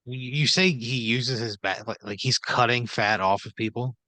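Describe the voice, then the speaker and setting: A man's voice: medium pitch, fairly even intonation, normal speed, pushed and bright, no room sound. A man co-hosting a comedy podcast, reacting in improv with exasperated, profane, stammering complaints. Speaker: podcast co-host playing along in improv.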